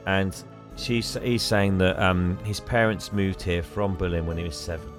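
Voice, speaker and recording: An English man co-hosting a casual podcast, retelling a story and putting on quick voices for the characters' lines. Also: low-pitched, steady tone, music in the background. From England. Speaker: podcast co-host. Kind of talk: casual chat retelling a film plot.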